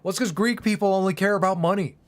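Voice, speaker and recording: Gaming YouTuber, male, high voice, goofy sarcastic rants with sudden yelling. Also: fast talker. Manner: rambling, sarcastic, bursts of yelling at the game. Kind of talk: casual let's-play commentary.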